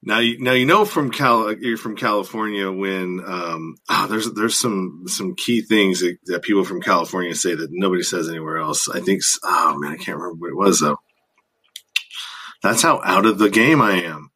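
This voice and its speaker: An American man hosts a loose, casual interview, rambling and hesitant, full of fillers and restarts. His voice sits fairly low but sounds bright and forceful. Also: normal speed, slightly rough. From United States. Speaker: host.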